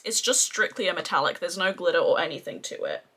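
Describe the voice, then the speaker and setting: A woman's voice: on the low side, expressive, quick pace, bright, forceful tone, slightly rough. A woman with an Australian accent gushes in a chatty, casual makeup review. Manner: gushing, chatty, effusive. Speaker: beauty vlogger.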